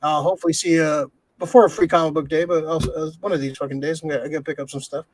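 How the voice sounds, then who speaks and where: A man's voice: on the high side, level tone, racing, darkish tone, no room sound, poor audio. A man co-hosting a casual podcast, talking loosely with lots of swearing and fillers. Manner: loose and profane, many fillers. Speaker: podcast co-host. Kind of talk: casual chat.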